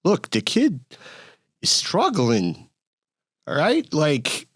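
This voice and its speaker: A man talks in character at a tabletop game, earnest and quick to swear. His voice sits fairly high and swings widely while he takes his time. The sound is close and dry. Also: huge pitch swings, a bit bright, slightly rough, no echo. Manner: earnest, swears, laughs often. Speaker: player. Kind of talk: tabletop role-play in character.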